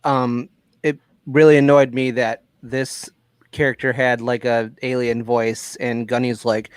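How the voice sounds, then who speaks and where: A man with a mid-pitched voice joins a casual reaction chat as a panelist, making quick, matter-of-fact corrections. His voice sounds dry and close to the mic. He speaks plainly, without putting on any show. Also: flat delivery, clean tone, no room sound. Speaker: guest panelist.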